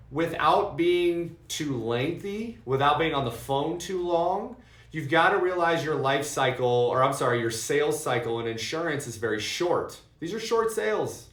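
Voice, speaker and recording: A man's voice: on the high side, a bit bright. A man coaching insurance agents in an emphatic way, repeating his key points and calling his listeners "guys". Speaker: insurance sales trainer. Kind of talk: coaching talk to sales agents. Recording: echoey room.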